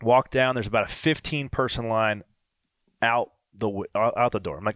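A man hosting a podcast, telling a casual story with lively quoted dialogue. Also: on the low side, moderate pace, no room sound, clean studio sound. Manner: animated anecdote with quoted dialogue. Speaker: podcast host.

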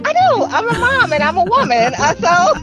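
A woman interviewed as a mother, telling her story in an animated, indignant way and acting out past conversations. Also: very high voice, normal speed, over loud music, low-quality recording. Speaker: interviewee, mother of a young man.

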